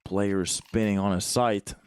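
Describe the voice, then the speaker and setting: A man's voice: on the low side, steady tone, measured pace, smooth, no room sound. A man giving live play-by-play commentary on a competitive match, chatty and joking with viewers between calls. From Finland. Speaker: esports commentator.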